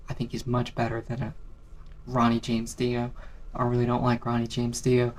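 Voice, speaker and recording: A man casually ranking favourite songs in a rambling vlog, keeping his voice down, swearing and filling pauses with ums. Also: medium pitch, monotone, a little mellow. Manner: keeps voice down on purpose. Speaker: music video creator.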